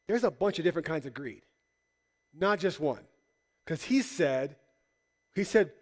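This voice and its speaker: A man's voice: a little high, long reverb tail. A man preaching a casual sermon as pastor, conversational and joking, acting out voices in the stories he tells. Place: church hall.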